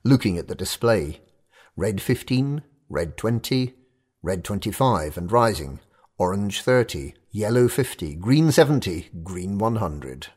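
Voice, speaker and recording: A man's voice: on the low side, big pitch swings, a little slow, darkish tone, slightly rough. A man narrating a first-person audio story in clipped, tense fragments.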